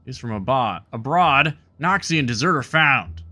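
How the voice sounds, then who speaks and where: A man's voice: mid-range voice, lively intonation, measured pace, pushed and bright, soft background music. A man streaming a game, reading the dialogue aloud and adding casual, sarcastic asides. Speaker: gaming streamer.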